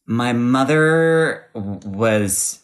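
A man's voice: mid-range voice, lively intonation, very slow. A man hosting a podcast, telling stories in a campy, theatrical way during a casual chat. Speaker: podcast host.

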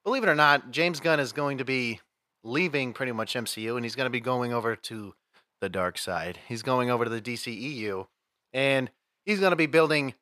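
Male podcast co-host, bright voice, rambling storyteller, dry close mic. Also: medium pitch, no echo. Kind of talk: casual chat.

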